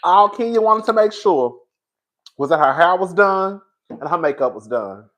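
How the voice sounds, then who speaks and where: Sassy male reviewer, slightly high voice, animated and laughing. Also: normal speed. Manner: sassy, animated, laughing often, drags words for effect. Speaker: reality TV reviewer. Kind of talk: casual reaction commentary.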